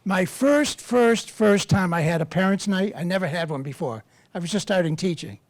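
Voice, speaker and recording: A man's voice: high voice, expressive, normal speed, dry recording. An older man, a priest, telling humorous, self-deprecating stories to a live audience in a rambling way. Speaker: priest and campus minister. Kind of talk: storytelling talk to a live audience.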